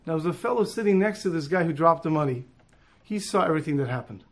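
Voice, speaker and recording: A man telling a moral story in an animated way, dropping in Hebrew and Yiddish terms. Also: fairly high pitch, fast talker.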